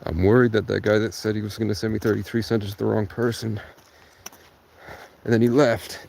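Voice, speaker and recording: A man's voice: on the low side, level tone, a little fast, gravelly, slight background noise. A man rambling on a casual livestream from a tent outdoors in cold rain, talking to his chat and swearing freely. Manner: rambling, swearing, talks to chat, bursts into song and sudden shouts.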